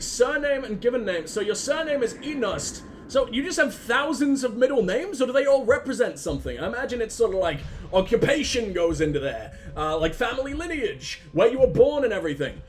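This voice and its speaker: Excitable sweary man gaming. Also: very high voice, fairly quick, few pauses, faint music behind. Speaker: let's play host. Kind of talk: gameplay commentary.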